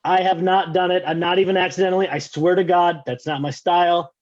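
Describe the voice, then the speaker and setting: Over a video call, a stand-up comedian runs through a rambling, self-deprecating set full of filler words. His voice sits high with little pitch movement and a slightly fast pace, and the call audio is a bit dull and lo-fi.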